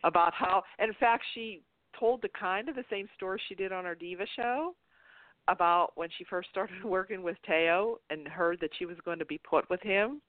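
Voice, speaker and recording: A woman's voice: medium pitch, moderate pace, no echo. A woman hosting a casual internet radio chat, talking in a rambling, chatty way with restarts and laughs. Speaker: show host. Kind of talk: casual chat about soap operas. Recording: tinny phone line, dry.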